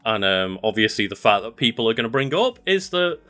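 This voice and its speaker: A man co-hosting a casual podcast, relaxed with short replies and asides. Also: medium pitch, fairly quick, soft background music. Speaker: podcast co-host. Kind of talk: casual chat.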